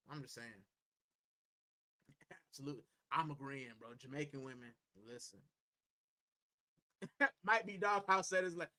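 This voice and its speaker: A man's voice: medium pitch, pushed and bright. A man hosting a live stream, chatting casually with viewers and reading their comments, talking in a loose, rambling way and saying "bro" constantly. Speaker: livestream host. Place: indoors, in a corner at home.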